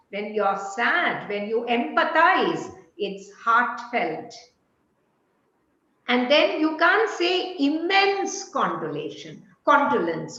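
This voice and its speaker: Slow, lively high-voiced teacher. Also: female voice. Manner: quizzes herself and answers firmly. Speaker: English teacher. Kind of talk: online lecture. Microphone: video call. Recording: echoey room, dull lo-fi call audio.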